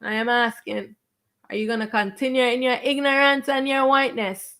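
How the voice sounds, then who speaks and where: A woman's voice: on the high side, fairly even intonation, moderate pace, fairly bright tone. A woman acting as a spiritual teacher, preaching to viewers on a live stream in an emphatic, confrontational way. She stretches out stressed words and repeats her phrases.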